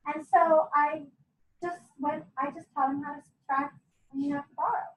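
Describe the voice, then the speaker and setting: A middle-aged woman with a high voice tells her family story to a group in a chatty, candid way, laughing often and turning to the listeners with asides. She stands some way from the mic, and the room gives her voice a clear echo. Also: steady tone, normal speed. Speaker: homeschooling parent sharing her story. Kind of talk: casual talk to a group. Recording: echoey room, mic at a distance.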